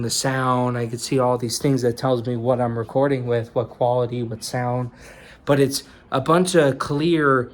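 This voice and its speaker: A young man telling a story in a casual vlog from a room indoors, rambling and swearing, with "you know" and "dude" in almost every sentence. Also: medium pitch. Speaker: vlogger.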